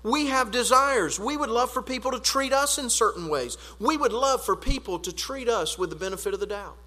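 Earnest preacher in a reverberant hall. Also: male voice, extremely high pitch, lively intonation, fairly quick. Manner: earnest preaching, building to emphatic peaks then dropping quiet. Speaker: pastor. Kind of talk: sermon.

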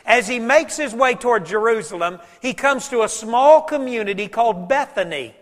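A man preaching a sermon, telling folksy stories and dropping his voice low for emphasis. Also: animated, moderate pace, in a large hall. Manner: folksy storytelling preacher, varies volume for emphasis. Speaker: pastor.

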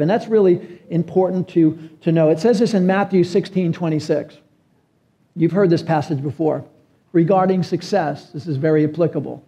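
A man's high, mellow voice delivers an earnest sermon, lifting into emphatic peaks on key phrases. The recording sounds a little dull and lo-fi. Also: normal speed. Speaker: pastor.

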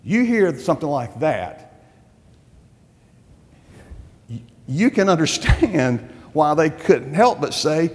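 A male pastor delivers an emphatic sermon, pressing his listeners with rhetorical questions. His voice sits a little high for a man. The sound carries a long reverb from a church hall. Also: very animated, slow pace, long pauses.

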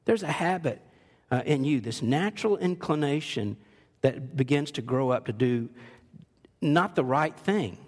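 A man's voice: mid-range voice, expressive, a little slow, a little mellow, husky. A middle-aged man giving a sermon as pastor, conversational and joking, acting out quoted voices. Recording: long reverb of a large hall.

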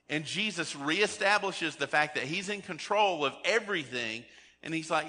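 A man's voice: on the high side, moderate pace, sharp tone, big-room sound. A man preaching a sermon in a conversational way, often acting out the people he quotes. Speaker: pastor.

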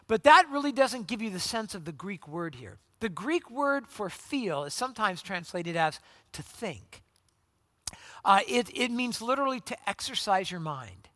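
A man's voice: sits high, very animated, normal speed, a bit bright, dry recording. A man preaching a sermon in a conversational way, acting out quoted voices, with frequent restarts and repeated words. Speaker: pastor.

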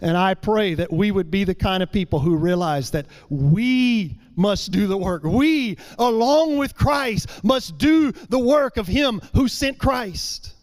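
A middle-aged man preaching a sermon, emphatic, repeating his phrases and slowing down for key lines. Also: high voice, expressive.

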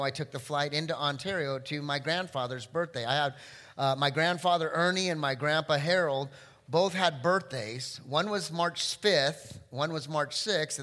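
A man's voice: a little high, long reverb tail. A middle-aged man preaching a sermon as pastor, telling a personal story to his congregation. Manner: storytelling, animated then quiet and tender. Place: church sanctuary.

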